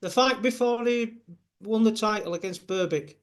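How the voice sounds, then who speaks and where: A man's voice: high voice, moderate pace, clean tone. A man in his fifties with a West Yorkshire accent, a guest chatting earnestly on a video call, rambling with many restarts. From Bradford, West Yorkshire. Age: 50s. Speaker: guest fan. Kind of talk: casual chat.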